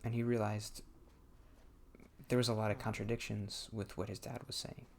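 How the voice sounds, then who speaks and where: A man's voice: lowish voice, flat delivery, moderate pace, vocal fry, darkish tone, a little hiss or hum. A man talking casually while he plays a game, thinking aloud in a hesitant way and often restarting his sentences. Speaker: gameplay commentator.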